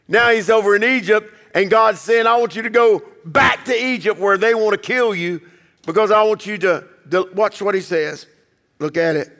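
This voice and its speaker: A man preaching a sermon as pastor, emphatic, acting out quoted voices and dropping low to quiet passages. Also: in a large hall.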